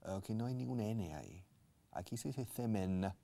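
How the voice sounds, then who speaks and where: A man with a low, dark, gravelly voice teaches English. He wanders from one question to side notes on words and switches into Spanish to explain them. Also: animated, fairly quick. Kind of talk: live-streamed English lesson.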